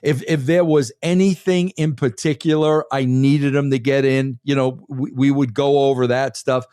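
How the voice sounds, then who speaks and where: A man's voice: mid-range voice, steady tone, moderate pace, mellow, clear, resonant tone, no echo, studio quality. A man being interviewed on a podcast, talking in an emphatic, rambling casual way and calling the host "bro" again and again. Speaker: former wrestling head writer, guest.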